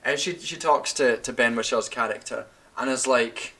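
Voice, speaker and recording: A young man, drinking wine while ranting about a TV show in a profane, animated way, laughing and tripping over his words. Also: mid-range voice, moderate pace. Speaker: vlogger. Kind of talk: casual rant.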